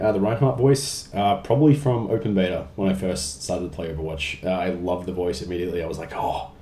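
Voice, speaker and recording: A man's voice: low-pitched, darkish tone, slight background noise. A young man casually answering fan questions in a vlog, reading each one aloud and joking around. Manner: chatty, jokey, reads questions aloud. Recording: roomy echo.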